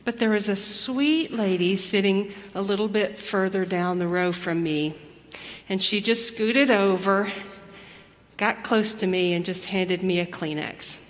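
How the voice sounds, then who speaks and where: A woman pastor giving a gentle children's message and sermon in church. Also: medium pitch, unhurried. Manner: gentle, storytelling. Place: church sanctuary. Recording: long church reverb.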